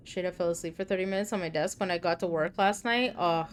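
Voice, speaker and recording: A woman's voice: fairly low pitch, steady tone, quick pace, hardly any pauses, soft background music. Chatty woman streaming a game. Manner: chatty, joking, reads game text aloud. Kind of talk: casual gameplay commentary.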